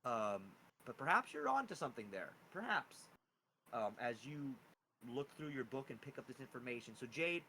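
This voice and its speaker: A man's voice: medium pitch, big pitch swings, normal speed, pushed and bright, slight background noise, rough recording. A man narrating a tabletop game as game master, describing scenes casually and humming little sound effects.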